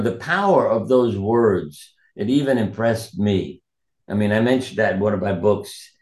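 Low-voiced man telling earnest stories. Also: darkish tone, roomy sound. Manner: earnest, anecdotal, quotes people in his stories. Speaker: doctor and author, guest. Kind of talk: reflective interview storytelling.

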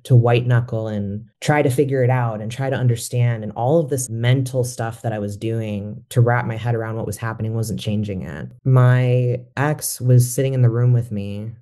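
Mellow-voiced man, reflective and candid. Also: mid-range voice. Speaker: mental health educator. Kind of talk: personal testimony.

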